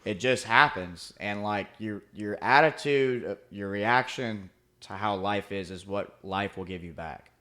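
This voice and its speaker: A man's voice: lowish voice, unhurried, hardly any pauses, pushed and bright. A young man co-hosting a podcast, chatting casually in a laid-back, rambling way full of "like" and "dude". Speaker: podcast co-host. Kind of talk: casual chat.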